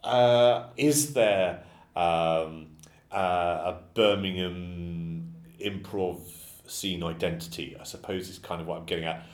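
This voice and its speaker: A man's voice: low voice, fairly even intonation, slow. A man hosting a casual podcast interview, asking rambling, hesitant questions full of fillers. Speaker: podcast host. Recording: echoey room.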